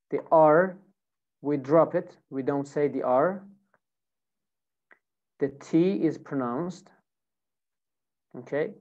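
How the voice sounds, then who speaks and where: A woman with a teaching pronunciation in a live online lesson, speaking slowly and repeating each example. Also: sits low, a little mellow, muffled recording. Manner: slow, deliberate, repeats examples.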